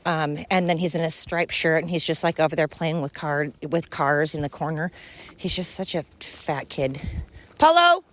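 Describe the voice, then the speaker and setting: A woman's voice: deep voice, steady tone, normal speed. A middle-aged woman hosting a rambling solo podcast, chatty and opinionated, acting out the voices she quotes. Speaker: podcast host.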